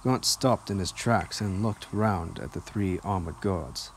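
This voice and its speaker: Male audiobook narrator, deep and low, steady measured read. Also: gravelly, slight background noise. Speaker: audiobook reader.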